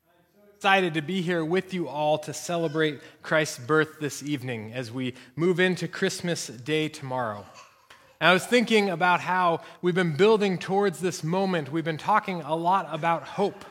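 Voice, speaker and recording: A man's voice: a little high, in a large hall. A man preaching a sermon as pastor, telling a story in an earnest, engaged way to his congregation. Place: church sanctuary.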